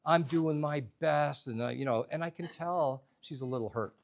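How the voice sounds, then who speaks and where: Man telling a story live to a crowd, chatty and funny, voice a bit on the higher side. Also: normal speed, creaky. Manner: animated, humorous, conversational.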